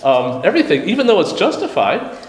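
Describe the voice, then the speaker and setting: A man's voice: fairly high pitch, wildly swooping pitch, brisk. A man leading a church study group, teaching in a casual, conversational way and often restarting his sentences. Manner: conversational, frequent restarts, quotes texts aloud. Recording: echoey room with long reverb.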